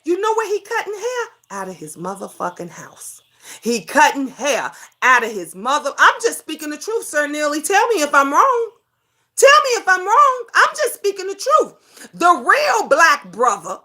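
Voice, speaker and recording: A woman, in the middle of a heated, profane talk show rant. Her voice sits high and bright and swings widely in pitch, and she fires off rhetorical questions with heavy emphasis. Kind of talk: heated ranting monologue.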